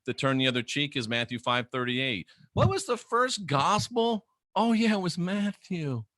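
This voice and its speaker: A middle-aged man rants straight to camera in a mocking, scornful tone. His voice is sharp and forceful, and the recording is close and dry with no room sound. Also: a little high, big pitch swings, normal speed, dry recording. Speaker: former minister turned critic. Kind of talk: ranting monologue to camera.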